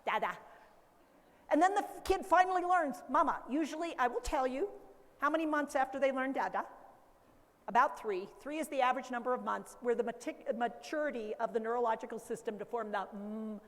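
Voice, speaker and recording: A woman educator giving a lively conference talk, acting out baby talk and caregiver voices along the way. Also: high voice, a little fast, in a large hall. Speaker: dementia care educator. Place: conference hall.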